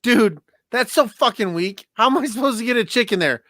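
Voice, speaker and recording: High, bright-voiced excitable man. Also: brisk, no room sound. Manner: excitable, laughs often, swears freely. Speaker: podcast co-host. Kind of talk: casual chat.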